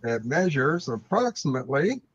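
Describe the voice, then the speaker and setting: A man's voice: on the high side, big pitch swings, normal speed, breathy edge. A man co-hosting a live online vintage sale, describing items appreciatively. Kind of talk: live online sales auction. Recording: dull, dry lo-fi sound.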